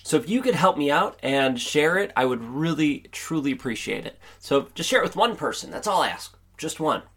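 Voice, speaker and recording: Man, podcast host, motivational monologue, upbeat and earnest, a bit higher-pitched, studio mic. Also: lively intonation, moderate pace, fairly bright tone, husky. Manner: upbeat, earnest, chatty, pep-talk delivery.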